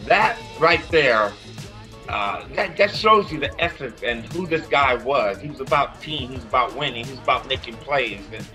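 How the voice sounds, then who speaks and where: A man telling a casual anecdote, animated, swearing and acting out quotes. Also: medium pitch, measured pace, faint music behind. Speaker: former player, interview guest.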